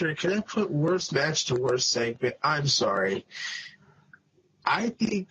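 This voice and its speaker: A man's voice: on the high side, very animated, slow, pauses often, pushed and bright, dull audio, slight background noise. A man from the Bay Area giving brash, ranting opinions in a casual review chat and swearing freely. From San Francisco Bay Area. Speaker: guest panelist.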